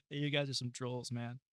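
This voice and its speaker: A man hosting a reaction video, talking casually and swearing freely, and bursting into laughter often. His voice is mid-pitched with a bright, forceful edge. The sound is dry and close. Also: dry recording. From United States. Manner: profane, excitable, laughing often. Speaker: reaction channel host.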